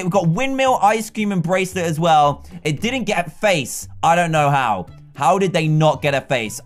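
A young man hosting a gaming video, giving excited commentary with frequent exclamations and laughs. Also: a little high.

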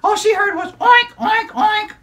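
A man voicing a perky, chatty female puppet sidekick who tells stories eagerly in a children's puppet show. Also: a bit bright. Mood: excited. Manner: eager, rushing storyteller, high squeaky voice.

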